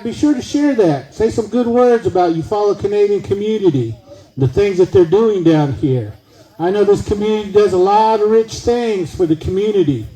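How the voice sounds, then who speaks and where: A man's voice: high voice, warm tone, rough recording. A man emceeing an outdoor evening event, upbeat and rousing the crowd. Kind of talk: hosting a live event.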